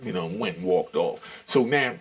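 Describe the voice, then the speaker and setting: A man's voice: deep voice, expressive, normal speed, slightly rough. A middle-aged man telling a story in a laid-back, streetwise way, full of slang and asides. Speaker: storyteller recounting prison life. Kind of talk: casual storytelling.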